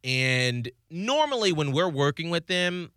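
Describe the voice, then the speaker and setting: A man co-hosting a casual podcast chat, animated and laughing often, who jumps into high-pitched voices when he quotes people. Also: a little slow, clean tone, no room sound, clean studio sound. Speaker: podcast co-host.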